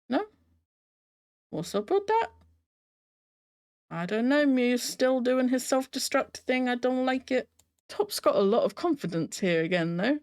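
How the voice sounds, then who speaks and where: A woman's voice: high voice, darkish tone. A woman hosting a casual reaction video, chatty and emotionally invested, often laughing and tossing rhetorical questions to the viewer. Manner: talks straight to the viewer with rhetorical tag questions.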